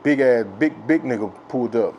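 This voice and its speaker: A man's voice: medium pitch, moderate pace, slight background noise. Rowdy, profane man telling stories. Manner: profane, rambling, filler-heavy; grows loud and excited with laughs. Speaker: host telling a childhood story. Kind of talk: casual storytelling.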